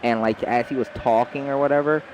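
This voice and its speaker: A man's voice: mid-range voice, steady tone, fairly quick, darkish tone, a little hiss or hum. A man chatting casually while playing a video game, telling rambling stories full of fillers. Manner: rambling storyteller, many fillers. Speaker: gamer.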